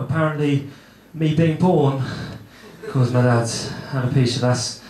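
A man's voice: medium pitch, a little slow. A young man doing a stand-up set on a club stage, awkward and rambling, swearing freely and mocking himself. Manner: awkward, rambling, self-deprecating, swears a lot. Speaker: stand-up comedian. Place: comedy club stage with a live audience. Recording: echoey room with loud crowd laughter.

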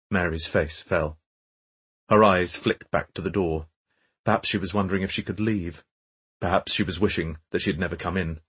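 A man narrating a mystery audiobook in first person, measured and observant. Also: low voice, fairly even intonation, fairly bright tone, slightly rough. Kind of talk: scripted narration.

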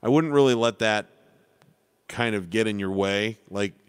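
Casting: relaxed male piano teacher, low smooth voice, rambling live Q&A. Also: a little slow, no echo, clean studio sound. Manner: relaxed, rambling, self-deprecating with many restarts. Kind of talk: casual live Q&A lesson.

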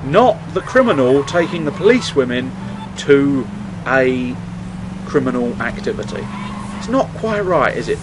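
A man's voice: mid-range voice, animated, normal speed, noisy background. A man commenting on his gameplay in a chatty, wry way, swearing often. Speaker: let's play host. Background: game sounds and music.

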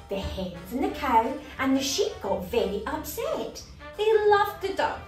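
A woman's voice: mid-range voice, echoey room, far from the mic. A woman hosting a children's storytime, reading a picture book aloud expressively, gasping and exclaiming along the way.

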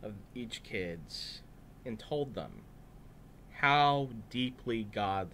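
Animated man reading a children's story. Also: on the low side, drawn-out words, a little hiss or hum. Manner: animated, chatty, asides to kids. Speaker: pastor.

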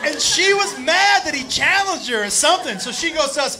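A man telling a loud, profane story as a stand-up comedian, acting out the people in it. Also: very high voice, animated, fairly quick. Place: comedy club stage with laughing audience. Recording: live club recording with crowd noise.

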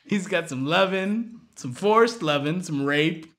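A man's voice: a little high, expressive, a little slow, a bit bright. A man doing a crude, rambling, profane comic retelling of a film. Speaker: comedian.

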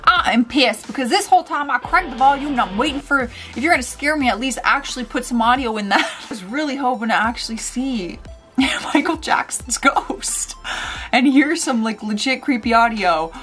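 A woman hosting a casual reaction vlog, sassy and animated, with loud outbursts and slow mutters. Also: sits high, soft background music. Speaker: YouTube reaction host.

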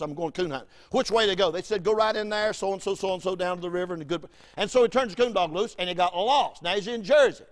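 A man preaching a sermon, telling a story, swinging from loud exclamations to hushed asides. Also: sits high.

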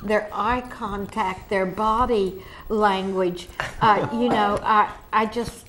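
A woman's voice: medium pitch, fairly even intonation, slow pace, background noise. A woman co-hosting a dinner show, chatting in a playful, self-teasing way. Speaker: co-host. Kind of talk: casual chat.

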